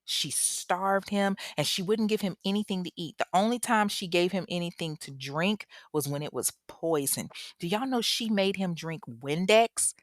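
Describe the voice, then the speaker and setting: A woman's voice: lowish voice, moderate pace, hardly any pauses, no room sound, clean studio sound. A woman telling a true-crime story casually, swearing freely and speaking straight to her audience. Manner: casual, profane, addresses audience directly.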